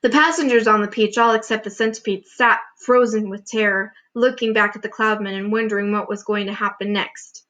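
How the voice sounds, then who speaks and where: A woman teacher reading a children's chapter book aloud with expressive storytelling. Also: medium pitch, a little fast, few pauses, lo-fi sound. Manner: expressive storytelling, showing pictures.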